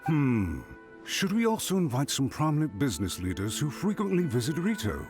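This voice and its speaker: A polite, deferential retainer in a video game. His intonation rises and falls freely at a middle pitch. Light music plays behind him. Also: big pitch swings, moderate pace, a little mellow. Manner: courteous, deferential.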